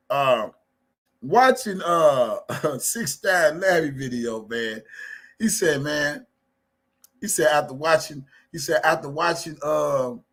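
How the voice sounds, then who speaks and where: Male streamer, casual commentary, bright voice, slow-paced delivery, loud laughter. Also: a little high, slightly rough. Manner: loud, laughs hard, mimics others mockingly. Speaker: live stream host.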